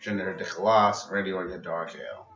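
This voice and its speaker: A man's voice: sits low, steady tone, fast talker, a bit bright, soft background music. A man giving a casual, opinionated vlog review of a wrestling show, ranting and critical. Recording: dull lo-fi sound in a roomy space from a distant mic.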